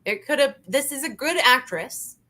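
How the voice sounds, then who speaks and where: A woman with a high, bright voice hosts a casual review chat. She talks in an animated, emphatic rush and hammers her points home by repeating them. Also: moderate pace. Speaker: channel host.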